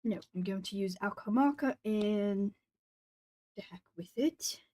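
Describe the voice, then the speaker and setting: A woman's voice: medium pitch, a little slow, dark tone. A Brazilian woman from the south of Brazil, chatting casually with viewers and thinking aloud while she colors on an art stream.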